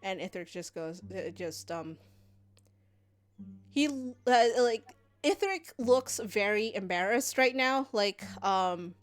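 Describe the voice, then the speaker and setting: Halting woman narrating a tabletop game. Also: medium pitch, lively intonation, no room sound. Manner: halting, with many fillers. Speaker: game master and variety streamer.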